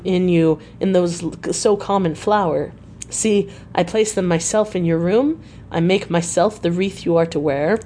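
A woman's voice: mid-range voice, warm tone, slight background noise, close to an everyday voice. A woman voicing a stern, fatherly old male Dutch professor who speaks in broken English.

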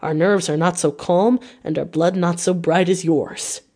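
A woman reading the lines of a grave, kindly old male professor, speaking slowly and formally in a storybook reading. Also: fairly low pitch, fairly even intonation, a little mellow.

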